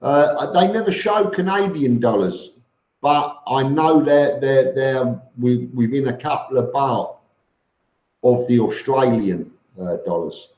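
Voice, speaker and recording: Slow-talking man on a live stream. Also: mid-range voice, lively intonation, a little mellow. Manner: reads out viewer comments, answers with fillers and restarts; blunt and matter-of-fact, says "mate". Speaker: vlogger answering live chat. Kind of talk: casual live-stream chat. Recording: roomy, dull lo-fi stream audio.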